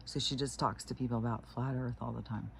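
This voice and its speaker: Gravelly-voiced woman rambling casually at home. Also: rumbling low, steady tone, a little fast, a little hiss or hum. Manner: swears freely, loose and digressive. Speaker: spiritual vlogger. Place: at home, early morning.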